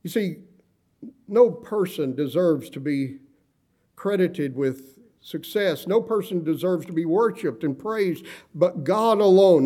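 A middle-aged man delivering a sermon in a warm, mellow voice that sits a little high. He preaches emphatically, drawing out the words he wants to land. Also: animated, measured pace. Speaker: pastor.

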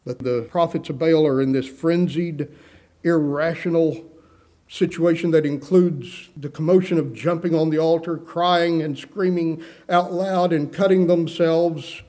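Preaching man with a mellow voice. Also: fairly even intonation, unhurried. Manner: preaching with sudden lifts in pitch and dry humor. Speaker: pastor. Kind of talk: sermon.

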